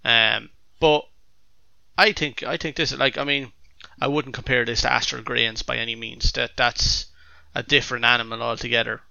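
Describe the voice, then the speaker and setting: A man from Ireland reviewing a stout on a podcast with lively enthusiasm. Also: medium pitch, moderate pace, vocal fry, no room sound, dull audio. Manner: enthusiastic, animated. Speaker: podcast co-host, beer reviewer. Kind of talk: casual chat.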